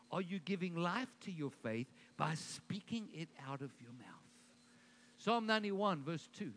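A man's voice: high voice, fairly bright tone. A man preaching a sermon as pastor, emphatic, with call-and-response to his congregation.

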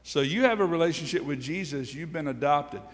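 Middle-aged man pastor, emphatic sermon delivery, slightly raised pitch, church hall reverb. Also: brisk. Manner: emphatic preaching with call-and-response questions. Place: church sanctuary.

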